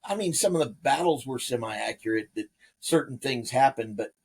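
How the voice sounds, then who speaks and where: A man's voice: mid-range voice, animated, moderate pace, gravelly, husky. A man co-hosting a casual podcast, giving earnest opinions with the odd dry quip. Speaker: podcast co-host. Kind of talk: casual chat.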